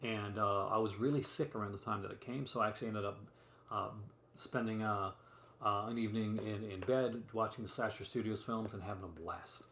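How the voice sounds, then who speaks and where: At home, a man hosts a casual live stream, showing off physical movie releases while rambling chattily with many fillers and asides. His lowish voice is brisk, a bit bright and steady in tone, and the room adds a roomy echo and faint noise.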